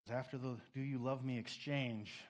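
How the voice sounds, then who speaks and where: A man preaching a sermon, emotional, swinging between loud emphasis and a soft hush, tearful at moments. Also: mid-range voice, fairly even intonation, moderate pace. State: crying. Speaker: pastor.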